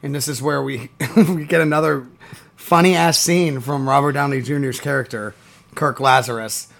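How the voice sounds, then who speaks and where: A young podcast co-host with a gravelly, fry-laced voice at a middle pitch. This person retells film scenes with animated enthusiasm in loose conversation. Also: normal speed. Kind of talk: casual movie-review chat.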